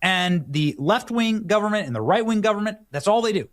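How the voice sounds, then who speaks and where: A man giving live-stream political commentary in an animated, sarcastic, theatrical way. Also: sits high, a little fast.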